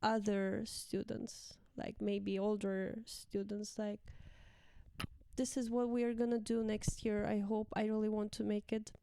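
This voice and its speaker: Chatty young woman teacher, clear voice. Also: medium pitch, flat delivery, measured pace, warm tone. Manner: chatty, acts out quotes of pupils with laughs. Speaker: English teacher, guest. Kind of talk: casual conversation.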